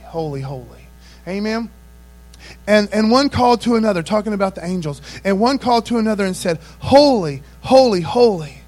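A man preaching a casual, folksy sermon, laughing often and calling his listeners "man". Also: high voice.

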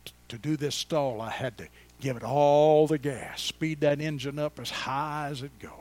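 A man, preaching a sermon in a church and telling personal stories in a folksy, chatty way, swinging from loud exclamations to quiet asides. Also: fairly high pitch, steady tone, moderate pace. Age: 70s. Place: church before a congregation.

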